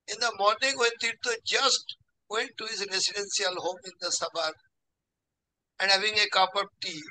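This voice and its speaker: An older man in his seventies with a Bengali accent tells a story as host of a talk session. His voice sits high for a man and rings very bright. He moves through the tale in the third person, pausing between phrases. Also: rough recording. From India. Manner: telling a case story in the third person, with slow pauses.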